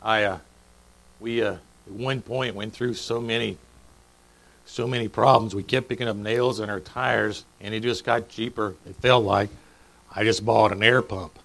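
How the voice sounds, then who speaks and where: Middle-aged pastor man preaching, gravelly voice, jokey, keeps asking the crowd stuff. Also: lowish voice, fairly even intonation, moderate pace, fairly bright tone, poor audio. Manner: conversational and joking, quizzing the congregation. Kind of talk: sermon. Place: church sanctuary.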